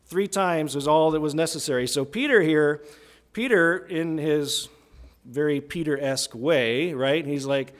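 A man's voice: on the high side, measured pace. A man preaching a sermon in a conversational way, often asking his listeners "right?" as he explains a passage. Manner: conversational, asks listeners questions, tag "right?".

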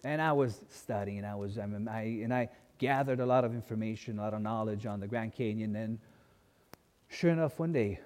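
Male preacher, animated storyteller, reverberant church hall. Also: fairly low pitch, a little fast. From grew up as a missionary kid in a mission. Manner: animated storyteller, acting out voices in quotes. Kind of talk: sermon with personal storytelling.

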